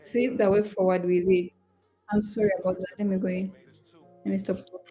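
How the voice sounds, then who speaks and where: A woman's voice: mid-range voice, flat delivery, a little fast, dark tone. A young woman chats casually to her viewers during a live trading stream. She sounds emotional and apologetic, half talking to herself. Faint music plays behind her voice. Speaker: trading livestream host. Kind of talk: casual livestream chat to viewers.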